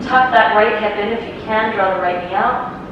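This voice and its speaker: A woman leads a yoga class with calm, encouraging breath and pose cues, a little out of breath. She sounds some way from the mic, in a strongly echoing room. A faint hiss of ambience sits underneath. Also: medium pitch, moderate pace, far from the mic, lo-fi sound. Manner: calm, encouraging step-by-step cueing. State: slightly out of breath. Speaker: yoga instructor.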